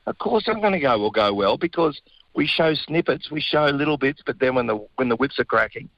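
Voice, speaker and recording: A man's voice: medium pitch, animated, brisk, gravelly, no room sound, lo-fi sound. A middle-aged man with an Australian accent, a regular radio guest talking sport in blokey, laughing banter. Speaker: radio guest, former rugby player. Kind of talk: casual sports chat.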